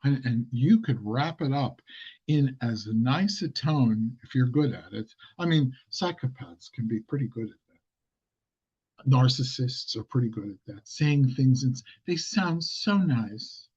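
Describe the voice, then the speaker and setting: A man's voice: medium pitch, animated, a little slow, a little mellow, husky, dull audio. A man giving an informal, conversational sermon, often correcting himself mid-sentence and laughing at his own asides. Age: older. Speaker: preacher.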